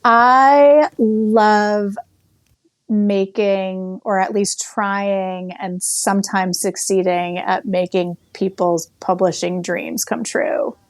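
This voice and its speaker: A woman's voice: medium pitch, level tone, slow, dry recording, clean studio sound. A middle-aged woman with a Boston accent, a literary agent chatting in an interview, laughing easily and restarting her sentences often. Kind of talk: casual interview chat.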